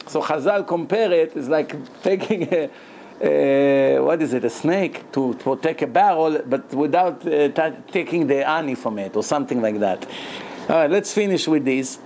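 A rabbi teaches Torah in a high, animated voice, acting out quotes with dramatic flair. He laughs often as he talks. A faint hiss sits under the recording. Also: moderate pace. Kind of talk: Torah lecture.

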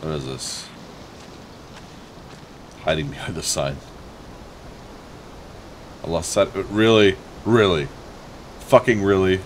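A man's voice: deep voice, expressive, slow pace, long pauses, slight background noise. A young man giving casual, sarcastic gameplay commentary as a let's play host, swearing freely and joking at the game.

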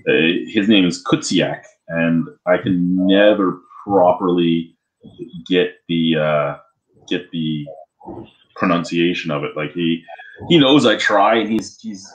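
A man with a fairly low voice chats loosely on a podcast. He rambles through stories, swears freely and restarts his sentences often. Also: a little slow, long pauses, muffled recording. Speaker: podcast co-host. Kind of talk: casual chat.

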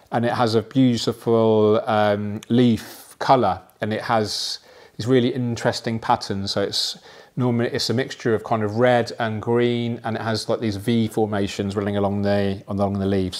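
Man, lowish voice, casual tutorial, chatty, rambling asides, relaxed. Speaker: aquascaping presenter. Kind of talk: casual tutorial explanation while planting.

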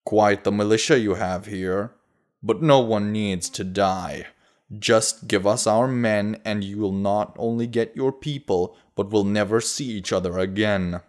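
A man's voice: lowish voice, unhurried, close to an everyday voice. A man voicing a brash, ruthless human bandit leader in an audiobook, talking in a cocky, offhand way. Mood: demanding. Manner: cocky, offhand, shouts when demanding.

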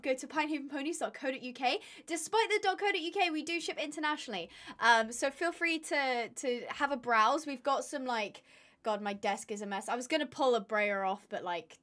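A woman's voice: a little high, pushed and bright. A young woman live-streaming, chatting casually with her viewers, tired and with her voice giving out. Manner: chatty, rambling, laughs often. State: tired, voice going.

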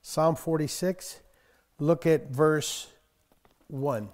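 A man's voice: a little high, steady tone, very slow, big-room sound. A man in his sixties preaching a conversational sermon to a small church, telling homespun stories and raising his voice for bursts of scripture. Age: 60s. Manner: folksy, storytelling, bursts of loud emphasis on scripture. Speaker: pastor.

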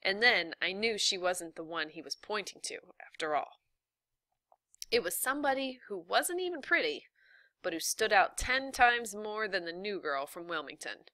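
A woman reading a novel aloud in a steady, even narration. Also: medium pitch, normal speed, dry recording, clean studio sound. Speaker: reader.

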